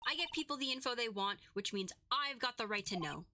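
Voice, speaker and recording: A woman's voice: fairly high pitch, lively intonation, a little fast, sharp tone, a little hiss or hum. A woman putting on a Southern US accent to voice a pushy, brash female photographer, over game music.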